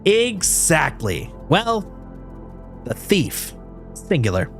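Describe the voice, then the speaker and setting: A man voicing a brash, excitable woman ship mechanic who used to be a mercenary, loud and blunt. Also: fairly high pitch, very slow, creaky, soft background music, heavily acted. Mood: brisk.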